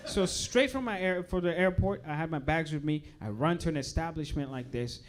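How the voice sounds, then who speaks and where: Young man, fairly high voice, stand-up comic, chatty and playful. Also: brisk, slight background noise. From Uganda. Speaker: stand-up comedian. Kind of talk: stand-up comedy set. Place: comedy club stage.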